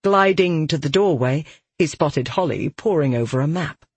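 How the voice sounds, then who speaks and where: A narrator reading a fantasy audiobook in a steady, measured way. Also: medium pitch, breathy edge, no echo.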